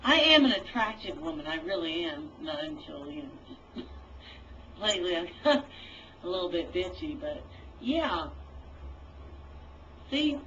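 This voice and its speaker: A woman's voice: lowish voice, big pitch swings, a little slow, long pauses, a bit bright. Foul-mouthed woman ranting, far off-mic. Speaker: voice chat participant. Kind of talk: profane angry rant. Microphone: computer mic in voice chat. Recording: distant, dull lo-fi voice chat audio with faint hiss.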